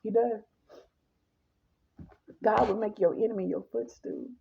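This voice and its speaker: A woman's voice: medium pitch, unhurried, gravelly, highs cut off, slight background noise. A woman gives an emphatic personal testimony, talking straight to her listeners.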